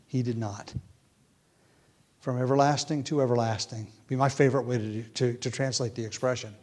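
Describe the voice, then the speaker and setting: A man's voice: mid-range voice, steady tone, normal speed, darkish tone. A man preaching an expository Bible lesson, explaining step by step with small fillers and restarts, and reading quotations aloud with rising emphasis.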